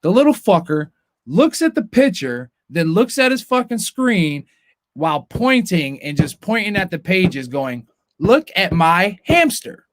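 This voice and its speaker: A man's voice: high-pitched, sing-song, measured pace, dry recording, studio quality. A young man hosting a podcast, telling a long story as a profane, ranting storyteller in casual chat. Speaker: podcast host.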